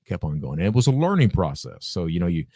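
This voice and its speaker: A man's voice: low-pitched, quick pace, dry recording, studio quality. A man guest on a podcast, telling a story casually, acting out the dialogue and swearing freely. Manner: animated, acts out quoted dialogue, swears freely.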